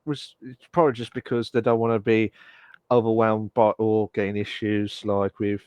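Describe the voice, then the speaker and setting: A man's voice: on the low side, little pitch movement, moderate pace, a little mellow, smooth, dry recording. A man co-hosting a casual gaming podcast, reading out chat messages and talking with hesitant fillers. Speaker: podcast co-host.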